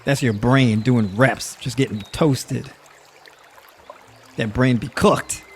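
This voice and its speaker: Guy hosting a livestream, middle pitched voice, chatty, lots of uhs and laughs, calls the chat y'all. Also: fairly even intonation, slow pace, slight background noise. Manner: chatty, laughs often, heavy fillers; addresses audience with y'all. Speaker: livestream host. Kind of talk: casual livestream talk to the chat.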